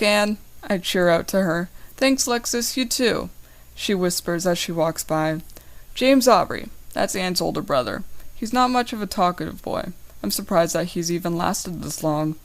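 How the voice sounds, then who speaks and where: A young woman reading the first chapter of her own novel aloud, narrating in first person and lifting her voice slightly for the dialogue. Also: fairly low pitch. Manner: reads all characters in her own voice, small lifts for dialogue.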